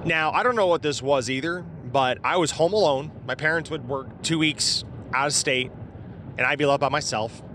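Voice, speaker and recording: Bright-voiced man telling a spooky story. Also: fairly high pitch, moderate pace, slight background noise. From southeast Iowa, USA. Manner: rambling, informal, with mild swearing and fillers. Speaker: guest sharing a personal encounter story. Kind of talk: casual storytelling.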